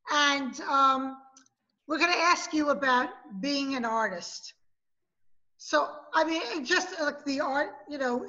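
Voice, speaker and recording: High-voiced, scattered woman podcast host. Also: pushed and bright, dull audio. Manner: scattered, forgetful. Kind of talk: casual podcast chat.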